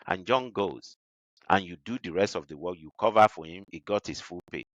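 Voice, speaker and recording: A man with a Nigerian accent, appearing as a guest on a podcast interview, animatedly tells workplace stories, his voice jumping high whenever he acts out the people he quotes. He talks briskly, and the audio is dull with no room sound.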